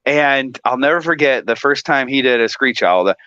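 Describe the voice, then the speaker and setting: An energetic, excitable man from Michigan, a guest telling stories in casual chat and acting out the voices of people in them. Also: mid-range voice, normal speed, no room sound, lo-fi sound.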